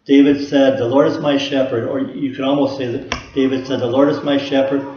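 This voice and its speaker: A man's voice: medium pitch, little pitch movement, a little fast, a little hiss or hum. Man preaching in an echoey room. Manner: earnest preaching with rhetorical questions. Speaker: pastor. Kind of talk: sermon. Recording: echoey room, slightly dull sound.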